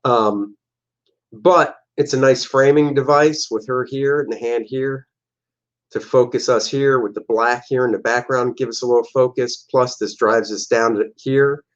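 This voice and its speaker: A man's voice: medium pitch, steady tone, a little slow, muffled recording. A man, a comic artist, casually talking through his own old artwork, joking and making silly sound effects. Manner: jokey, playful, makes silly sound effects.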